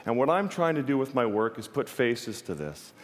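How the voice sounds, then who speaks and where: A man at the podium tells a vivid personal story, earnest and lively, with flashes of wry humor. His voice sits at an ordinary middle pitch. The sound rings with the long reverb of a large hall. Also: moderate pace. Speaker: wildlife photographer giving a talk. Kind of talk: stage talk, personal storytelling.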